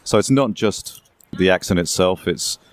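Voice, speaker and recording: A very deep-voiced man with an English accent, talking as a guest in an interview. He explains things at length in a relaxed, conversational way, with asides and the odd bit of playful exaggeration. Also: moderate pace, no echo. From England. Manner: explanatory, storytelling with asides and hyperbole.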